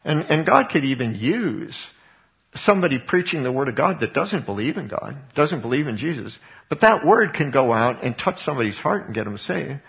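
A man's voice: medium pitch, sing-song, moderate pace, vocal fry, muffled recording. A man preaching a Bible teaching sermon, retelling scripture as conversational storytelling. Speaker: pastor.

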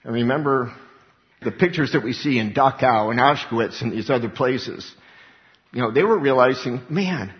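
A man delivers a sermon with animated preaching, sometimes acting out pleading voices. His voice carries a long reverb from a large hall. The sound is dull and lo-fi. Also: mid-range voice, normal speed. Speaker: pastor.

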